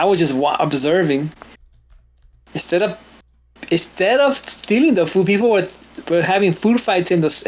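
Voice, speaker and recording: A middle-aged man chatting on a stream in a rambling, halting way, often starting a phrase over. His voice sits a bit high for a man. The audio is dull and lo-fi. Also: slight background noise. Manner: rambling, repeats words, quotes people in exclaiming voices. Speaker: stream host. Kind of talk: casual chat.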